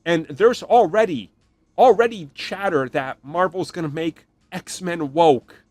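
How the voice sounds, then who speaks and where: Man, podcast host, animated opinionated rant, fairly high voice, dry close sound. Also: slow pace, no room sound, faint music behind. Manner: animated, ranting, mocking voices in quotes. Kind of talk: opinionated solo commentary.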